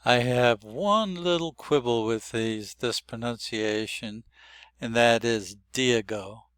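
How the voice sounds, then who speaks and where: A man's voice: medium pitch, slow, fairly bright tone, clear, resonant tone, no room sound. An older man explaining a spelling system in a loose, rambling tutorial with frequent restarts. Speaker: phonetics teacher. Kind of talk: unscripted tutorial.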